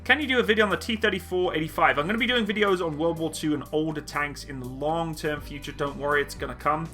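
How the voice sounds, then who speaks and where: Hosting a live-stream Q&A for his military video channel, a man reads out viewers' chat questions and answers them in a joking, self-deprecating, casual way. He talks fast in a high, bright, forceful voice, with soft music in the background.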